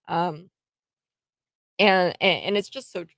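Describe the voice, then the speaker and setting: An American woman hosts political commentary in an indignant, emphatic way, stumbling over fillers and restarts. Her voice sits a little low with a gravelly edge. The recording is dry and close. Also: slow pace, fairly bright tone, dry recording. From United States. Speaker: host.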